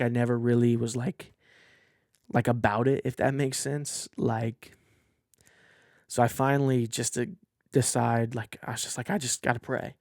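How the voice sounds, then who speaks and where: A young man talks straight to a camera from his desk at home, candid and earnest. He rambles a little as he tells a personal story. His voice sits at an ordinary middle pitch, and the sound is dry and close, with no room echo. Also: a little mellow. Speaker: podcast host. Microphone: facing a camera at his desk.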